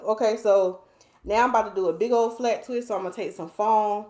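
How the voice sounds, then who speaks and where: A woman's voice: medium pitch, fairly even intonation, a little fast, dark tone, roomy sound. A woman, a hair stylist chatting playfully with viewers while doing a hair tutorial at home. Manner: chatty, playful, talks to viewers as y'all, reads comments aloud. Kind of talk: casual livestream hair tutorial chat.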